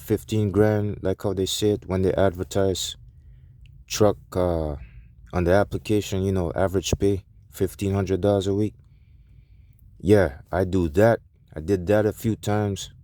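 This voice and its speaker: A man with a deep, low voice vents as a truck driver talking straight to his viewers. He is heated, profane and defensive, circling back over his points and restarting sentences. The sound is dry and close, with almost no room echo. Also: dark tone. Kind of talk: ranting vlog to viewers.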